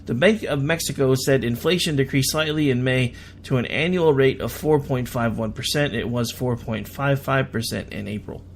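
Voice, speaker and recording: An American man hosting a radio show, reading international news aloud and breaking off into sarcastic, self-deprecating asides with halting restarts. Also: mid-range voice, vocal fry, a bit bright, slight background noise. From United States. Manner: reads news then adds chatty sarcastic asides. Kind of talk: casual news commentary.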